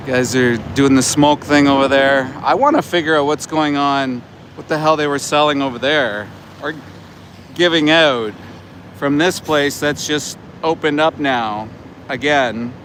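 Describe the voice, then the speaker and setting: A middle-aged animal rights activist livestreams commentary from beside a roadside, blunt, profane and indignant. His voice is fairly high and fairly bright, with a measured pace and slight background noise.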